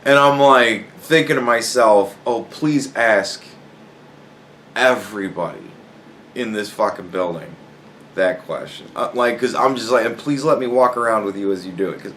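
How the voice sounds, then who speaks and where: A man's voice: fairly low pitch, a little hiss or hum. Profane storytelling man, laughing. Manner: profane, animated, laughing a lot while telling. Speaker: podcast host. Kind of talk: casual storytelling.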